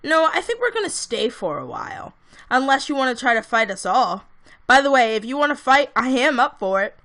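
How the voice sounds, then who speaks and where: A woman's voice: on the high side, animated, moderate pace, fairly bright tone, voice pushed up. A woman voicing a bold, brash teenage princess who speaks with authority and menace. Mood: menacing.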